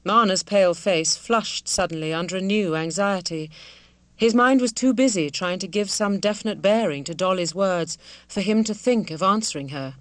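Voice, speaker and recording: A woman reading a classic novel aloud as an audiobook narrator, with measured, gentle storytelling. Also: mid-range voice, no echo. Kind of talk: scripted narration.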